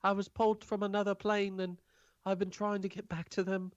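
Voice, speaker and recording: A man's voice: high-pitched, level tone, fairly quick, dry recording, muffled recording, voice pushed up, close to an everyday voice. A man voicing a small, timid mouse person who stammers politely and pleads for help. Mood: pleading.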